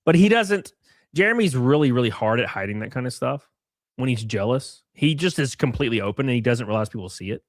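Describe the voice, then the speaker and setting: A man's voice: medium pitch, animated, brisk, no echo, studio quality. A young man hosting a casual live stream, mocking and sarcastic, swearing freely and thanking viewers for gifted subs.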